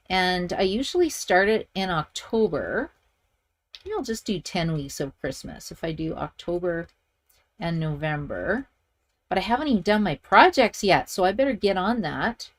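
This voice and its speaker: A middle-aged woman from Canada hosting a live card-making tutorial, chatting and thinking aloud as she works and reads viewer comments. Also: medium pitch. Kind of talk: live-streamed stamping tutorial.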